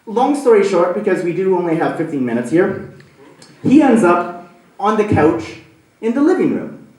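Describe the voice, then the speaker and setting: Animated high-voiced male comedian. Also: normal speed. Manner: rambling, animated, with many fillers. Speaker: stand-up comedian. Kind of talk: stand-up storytelling. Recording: echoey room from a distant mic.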